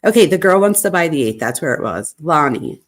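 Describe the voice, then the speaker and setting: Woman, true crime host, husky voice, chatty asides. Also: deep voice, very animated, brisk. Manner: chatty, reacts with asides to the audience. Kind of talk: reading text messages aloud with commentary.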